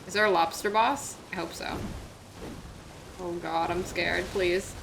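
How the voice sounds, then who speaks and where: A woman's voice: fairly low pitch, steady tone, takes it slowly, creaky, long pauses, fairly bright tone, a little hiss or hum. A woman streaming a video game, chatting casually with her viewers, joking and reacting aloud.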